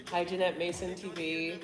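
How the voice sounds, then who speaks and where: American woman co-host, chatty, laughs a lot, reads comments, roomy echo. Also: on the low side. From United States. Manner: chatty, laughing, reading out chat. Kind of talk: casual mealtime chat reading viewer comments. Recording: roomy echoey room.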